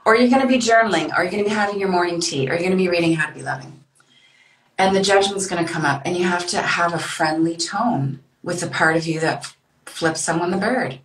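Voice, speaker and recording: A woman guest author talking in a warm, laughing, coaching way during an online interview. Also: on the low side, quick pace, reverberant, rough recording. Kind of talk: conversational interview on an online live stream.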